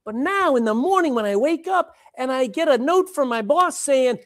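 A woman preaching a sermon, dramatic and animated, repeating phrases for emphasis and swinging between loud and hushed. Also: high-pitched, normal speed, hardly any pauses.

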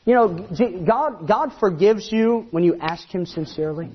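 A man preaches with a high, lively voice, slipping into the voices he quotes. The recording sounds slightly muffled and dull. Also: normal speed, husky. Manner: animated, acts out quoted voices. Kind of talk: sermon.

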